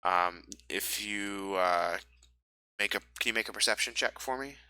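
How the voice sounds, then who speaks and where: Bright-toned man running a tabletop game. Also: on the low side, smooth, rough recording. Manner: halting, filler-heavy narration with self-corrections. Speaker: game master.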